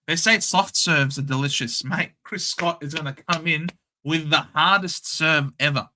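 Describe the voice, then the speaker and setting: A young Australian man hosting a casual live watchalong, calling the play in a chatty, excitable and blunt way. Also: on the high side, normal speed, slight background noise. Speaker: host. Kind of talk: casual live match commentary.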